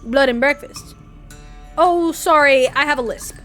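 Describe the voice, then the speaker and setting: A woman's voice: expressive, a bit bright, soft background music. Woman doing creepy lisping innkeeper man. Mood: creepy-cheerful. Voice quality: slight lisp, odd emphasis. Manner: slow, sing-song with sudden high jumps. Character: creepy grinning hunched male innkeeper, unsettling.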